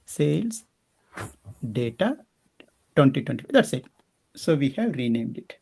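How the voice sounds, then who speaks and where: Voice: mid-range voice, moderate pace, a little mellow. An instructor teaching a class step by step and often checking in with the students. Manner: explains step by step, often asking the class questions.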